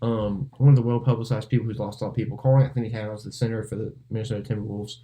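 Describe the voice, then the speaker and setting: Fast-talking man, mellow voice. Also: fairly low pitch, fairly even intonation. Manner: rambling, self-correcting, steers talk back on topic. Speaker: podcast co-host. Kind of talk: casual podcast chat.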